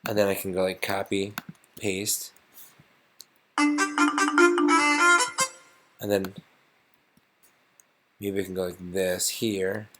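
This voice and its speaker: A man's voice: sits low, flat delivery, slow, pauses often. A man teaching a casual music lesson, thinking aloud and getting enthusiastic as he composes.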